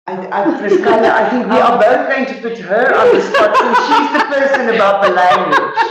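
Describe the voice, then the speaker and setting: A woman moderating a seminar conversation, reading out audience questions at an unhurried pace. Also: on the high side, big pitch swings, fairly bright tone, heavy reverb, poor audio.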